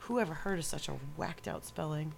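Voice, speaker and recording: A woman's voice: deep voice, fairly quick, vocal fry. A woman from New York, a photographer guest in a casual chat, talking in a wry, sarcastic way and laughing often.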